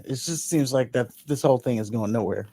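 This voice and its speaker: A man's voice: medium pitch, a little fast, mellow. A man co-hosting a podcast in casual chat, boastful and joking with his partner. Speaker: podcast co-host.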